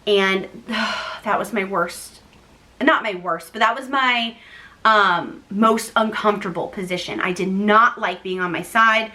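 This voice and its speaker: A woman's voice: mid-range voice, unhurried, pushed and bright. A young woman vlogger casually telling a personal story to the camera, chatty and talking straight to her viewers. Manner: chatty, addresses viewers as "guys".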